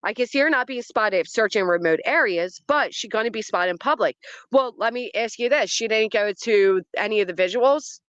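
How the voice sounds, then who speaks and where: A woman's voice: on the high side, fairly quick, a bit bright, smooth, no room sound, lo-fi sound. Dramatic woman livestreaming outdoors. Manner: dramatic, talks to chat. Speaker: livestream host. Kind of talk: casual livestream commentary. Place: outdoors in a yard by trees.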